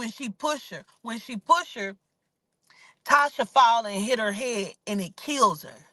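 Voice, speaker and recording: A woman's voice: fairly high pitch, a little slow, sharp tone, dry recording. A woman telling stories in a casual, blunt and profane way, preaching a moral as a spiritual reader. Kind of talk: casual storytelling.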